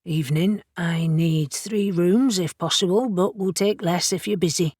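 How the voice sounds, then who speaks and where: A woman's voice: lowish voice, measured pace, a little mellow, no room sound. A woman voicing a weary, practical male wolf shifter, matter-of-fact and dry.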